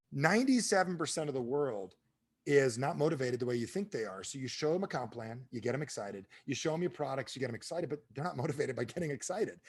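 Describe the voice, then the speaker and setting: A man giving a motivational business talk on a training call, asking the audience questions and swinging between booming and hushed delivery. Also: husky. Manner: animated, asks the audience questions. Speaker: speaker at an online training call.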